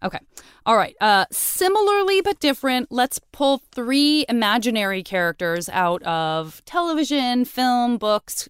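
A woman's voice: medium pitch, clean tone, no room sound, clean studio sound. A woman hosting a podcast interview, chatty and enthusiastic, rambling through her questions. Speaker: podcast host. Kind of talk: casual interview chat.

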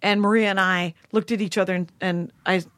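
A woman's voice: mid-range voice, fairly even intonation, brisk, fairly bright tone, no room sound. Joking woman host, casual podcast chat, lots of laughs, dry close mic. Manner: chatty, laughs often, jokey.

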